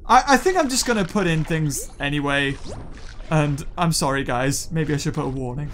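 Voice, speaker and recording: A man hosting a gaming video, chatting and joking excitedly to his viewers while he plays. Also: on the high side, moderate pace, slight background noise. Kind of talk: let's play commentary.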